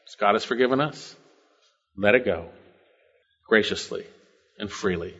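An older pastor preaches a sermon in a fairly low, slightly slow voice that's a bit bright and slightly rough, captured on dull audio. His expository style works through scripture verses and the meanings of Greek words, breaking into sudden swells of enthusiasm.

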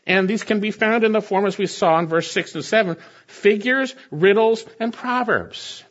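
A man's voice: high-pitched, normal speed, a bit bright. Emphatic preaching man, lo-fi sound. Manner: emphatic, rhetorical questions to the congregation. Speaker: pastor. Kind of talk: sermon. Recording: dull lo-fi recording.

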